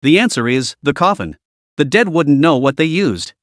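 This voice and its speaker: Guy doing a cold cocky young avenger, calm n mocking, dry close mic. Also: fairly high pitch, moderate pace, no echo, lightly acted. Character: cold ruthless young man toying with enemy.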